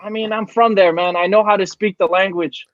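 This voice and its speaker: A man's voice: high voice, fairly even intonation, fairly quick, a bit bright, no room sound, dull audio. A man co-hosting a casual comedy podcast, joking in a sardonic way.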